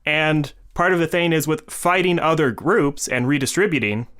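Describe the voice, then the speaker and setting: A man co-hosting a podcast, explaining ideas in a measured, casual way. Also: on the high side, fairly bright tone. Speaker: podcast co-host.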